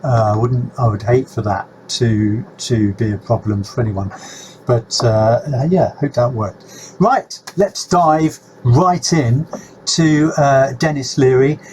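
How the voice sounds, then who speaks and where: Slow, rambling male video host. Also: medium pitch, a little mellow, a little hiss or hum. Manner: rambling, hesitant, full of fillers, mock hypnotist patter. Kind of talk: casual talk to camera.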